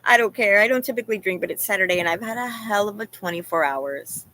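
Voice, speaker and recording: A woman's voice: medium pitch, fast, sharp tone, a little hiss or hum. A woman talking casually and emotionally to her livestream chat, rambling and confessional, full of "you guys" and "like". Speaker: vlogger talking to live chat.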